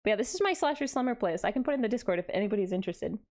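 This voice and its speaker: With a darkish, medium-pitched voice, lively intonation, and a racing pace, this young woman streams as a VTuber. She greets chat in a bubbly way, gasping and laughing often.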